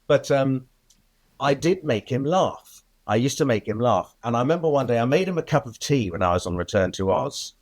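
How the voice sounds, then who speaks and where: Older man, film editor guest, animated storytelling, mid pitch, laughs a lot. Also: moderate pace. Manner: lively storyteller, acts out quoted voices, laughs often. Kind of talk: anecdotal interview storytelling.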